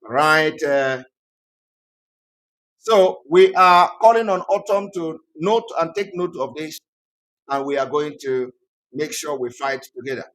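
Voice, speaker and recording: A man hosting an online channel, delivering emphatic, repetitive political commentary that rises to loud outbursts. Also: fairly high pitch, slow, long pauses. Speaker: online TV host.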